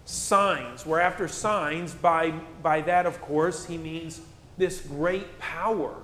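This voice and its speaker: A male pastor preaching a sermon in a plain-spoken, conversational way, with casual asides as he explains. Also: high-pitched. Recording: echoey church hall with long reverb.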